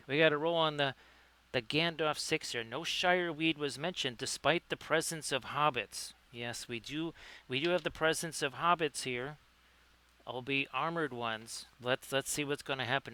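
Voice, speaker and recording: A man's voice: on the high side, a little slow, bright, forceful tone. A man hosting a live-streamed miniature painting lesson. He talks in a chatty, upbeat way, greets viewers by name and corrects himself as he goes. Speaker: livestream host, painting tutor.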